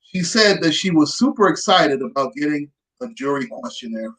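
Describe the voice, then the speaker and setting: A woman's voice: low voice, lively intonation, normal speed, fairly bright tone, low-quality recording. A woman hosting her own show, reading out a news report and adding dry, sarcastic asides. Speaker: host. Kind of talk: reading news aloud with commentary.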